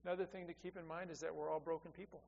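A middle-aged man preaching a sermon as a pastor, earnest and repetitive, swinging between loud and soft. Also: fairly high pitch, level tone, very fast, creaky. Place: church sanctuary. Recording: dull lo-fi sound with long hall reverb and faint hum.

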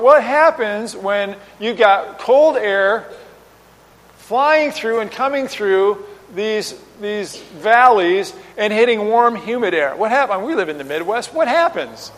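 A man preaching a sermon, explaining with lively rhetorical questions and acting out quoted lines. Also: high-pitched, in a large hall, poor audio. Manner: animated teaching, voices rhetorical questions and acts out quotes.

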